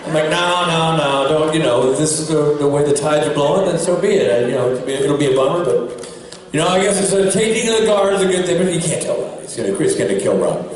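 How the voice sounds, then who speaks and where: A man's voice: a little high, lively intonation, fast. A man on a convention panel telling a long story, laughing and acting out what others said. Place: large convention hall. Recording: echoey hall from far off.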